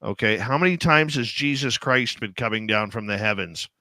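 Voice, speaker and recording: Sarcastic, bright-voiced radio host man. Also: fairly low pitch, moderate pace, no room sound. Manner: sarcastic, rambling, rhetorical questions. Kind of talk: casual talk radio banter.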